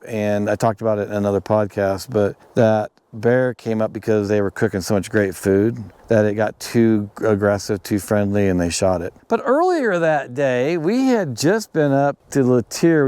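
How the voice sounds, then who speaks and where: A man's voice: mid-range voice, smooth, no room sound. A middle-aged man hosting a podcast, telling a story casually and getting worked up and exclaiming as he goes. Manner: animated, gets worked up and exclaims. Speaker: podcast host.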